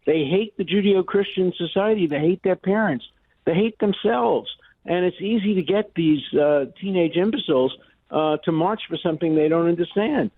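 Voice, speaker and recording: An older man, a law professor guest on a phone-in interview, speaking forcefully and indignantly, with emphatic repetitions. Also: high-pitched, moderate pace, no room sound. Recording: dry tinny phone line.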